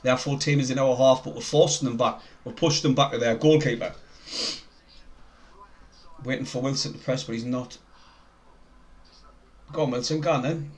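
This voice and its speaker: A young man with a North East English accent, commenting on a football match live for his stream and chatting with viewers in a chatty, excitable way. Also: medium pitch, moderate pace, long pauses. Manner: chatty, excitable, laughs often, reads out viewer names.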